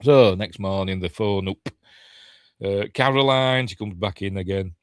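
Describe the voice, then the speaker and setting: A man with a Yorkshire accent talks through a film in a loose, chatty way, wandering off and catching himself. His voice sits on the low side. The sound is dry, with no room around it. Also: unhurried, clean tone, dry recording. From Yorkshire, England. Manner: rambling, thinks aloud, self-correcting. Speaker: film reviewer. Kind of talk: casual watch-along film commentary.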